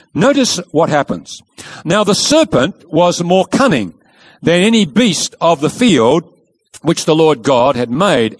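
A man preaching a sermon, telling the story in a lively way and acting out the quoted speech. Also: high voice.

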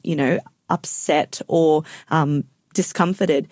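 A woman's voice: low voice, a little mellow, no room sound. A woman co-hosting a casual Bible study show, reading verses aloud and sharing thoughts. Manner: reads scripture slowly, short agreeing replies. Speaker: co-host and Bible reader.

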